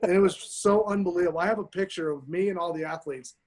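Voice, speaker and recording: A man guesting on a podcast, telling stories in a casual chat, swearing constantly and talking with excited emphasis. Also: sits high, quick pace.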